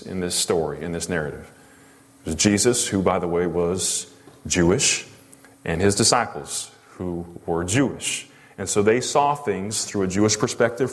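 A male pastor preaching a sermon, emphatic and full of rhetorical questions to the congregation. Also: lowish voice. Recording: long reverb of a large hall.

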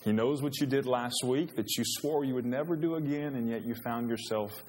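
A man's voice: medium pitch, moderate pace, darkish tone. A man preaching a sermon as pastor, earnest and growing emphatic in a church. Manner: earnest, rising to emphatic when quoting scripture. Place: church sanctuary. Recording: long reverb of a church hall.

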